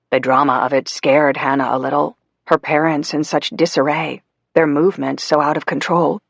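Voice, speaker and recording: A man's voice: fairly high pitch, gravelly, fairly bright tone, dry recording. A man narrating a psychological thriller audiobook with tense storytelling. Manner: tense storytelling, rising on the child's thoughts.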